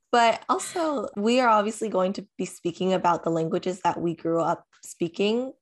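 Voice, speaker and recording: A young woman co-hosts a podcast, speaking at a medium pitch and normal speed. Her talk is casual chat, rambling along and breaking into laughter often.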